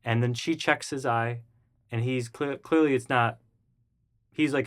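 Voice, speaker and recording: A man's voice: takes it slowly, pauses often. A man guest in an interview, telling a story casually and acting out the voices of the people in it. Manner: animated, acts out the voices of people in his story; jumps high and loud when excited.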